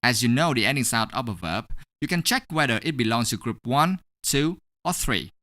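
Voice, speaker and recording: A man narrates a scripted English pronunciation lesson, walking through each point clearly and step by step. His voice is bright and forceful, with a lively, moving pitch. It is recorded close and dry, with no room sound. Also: normal speed, no room sound. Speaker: English teacher.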